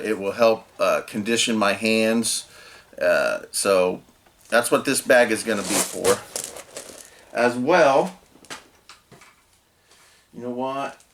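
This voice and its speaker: A man's voice: fairly low pitch, background noise. A man, the host, casually talking through a homemade gear project as he works, rambling with filler words and restarts. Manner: relaxed, rambling, lots of "uh" and restarts. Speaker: channel host. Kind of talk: casual DIY tutorial narration.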